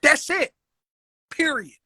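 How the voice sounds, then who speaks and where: A woman's voice: sits high, expressive, takes it slowly, bright, forceful tone, dry recording. A woman guest in casual conversation, blunt and swearing a lot, then apologizing for it. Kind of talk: casual chat.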